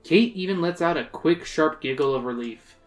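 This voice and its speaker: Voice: mid-range voice, animated, normal speed, soft background music. A podcast host reading a choose-your-own-adventure book aloud, dramatic and playful. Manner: dramatic reading that breaks into laughs and jokes.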